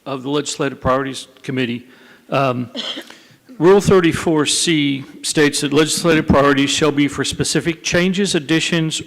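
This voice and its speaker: A man delegate with a gravelly, crackly voice addresses a committee. He talks formally and refers to the rules. The sound echoes with a long reverb through a large convention hall. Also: mid-range voice. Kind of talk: public testimony at a committee hearing.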